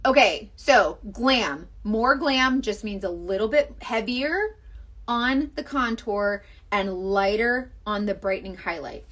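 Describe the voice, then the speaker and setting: A woman's voice: medium pitch, slow, fairly bright tone. A young Southern American woman with a Southern accent, chatting on a makeup livestream in a gushing, rambling way, full of fillers. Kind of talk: casual livestream chat and makeup demo.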